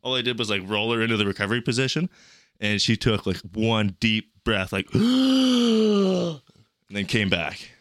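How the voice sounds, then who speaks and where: Profane, animated young man telling travel stories. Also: fairly low pitch, a little fast, no echo, clean studio sound. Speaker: podcast guest. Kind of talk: casual chat.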